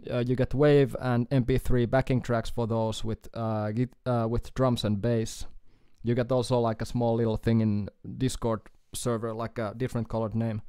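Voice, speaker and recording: Finnish guy chatting on stream, mellow smooth voice, dry close mic, lots of uh and like. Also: medium pitch, flat delivery, no echo. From Finland. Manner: rambling, halting, with fillers and chuckles. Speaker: guitar YouTuber streaming. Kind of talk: casual live stream chat.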